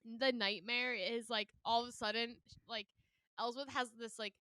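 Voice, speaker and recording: A woman's voice: a little high, fairly even intonation, moderate pace, sharp tone, clear, resonant tone, dry recording. A young woman co-hosting a podcast, chatting casually about a book in a bubbly, giggly way with lots of "like". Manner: bubbly, giggly, heavy filler "like". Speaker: podcast co-host.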